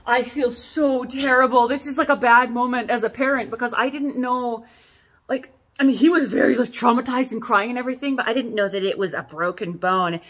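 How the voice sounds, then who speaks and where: A woman in her thirties who makes corsets, chatting casually as she shows pieces in her workshop, animated and self-mocking. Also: fairly high pitch, a little fast. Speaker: corset maker showing her collection. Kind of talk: casual product showcase vlog. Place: workshop under a tin roof.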